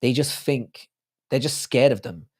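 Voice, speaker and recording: A man's voice: medium pitch, expressive, measured pace, darkish tone. A man hosting a livestream, rambling profanely in casual chat and reading out viewer comments. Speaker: livestream host.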